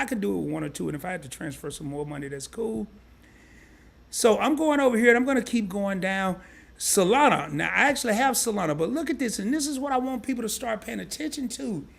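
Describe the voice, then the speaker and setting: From his home setup, a crypto live stream host shares his screen and casually walks through things step by step, repeating himself often. His voice is high-pitched and creaky, a bit bright, with a breathy edge.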